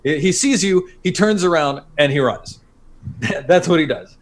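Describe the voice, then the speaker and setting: A man's voice: on the high side, expressive, a little slow. A man narrating a tabletop role-playing game as game master, casual and hesitant with lots of fillers.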